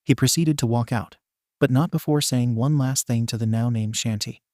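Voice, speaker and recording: A man reading a fan fiction story aloud as narrator, with a steady, even delivery. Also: mid-range voice, normal speed, no room sound, studio quality.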